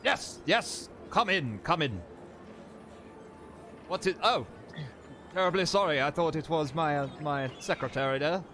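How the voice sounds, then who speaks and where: A man's voice: a little high, expressive, measured pace, long pauses, fairly bright tone, slight background noise, pitched above the performer's own voice. A man voicing a flustered, apologetic male doctor-mage in a tabletop game.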